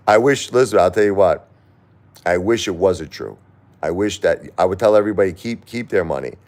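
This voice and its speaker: Very deep-voiced grieving man. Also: darkish tone. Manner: halting, repeats words, grief-stricken and pleading. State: crying. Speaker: live streamer reading viewer chat. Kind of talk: emotional live-stream talk.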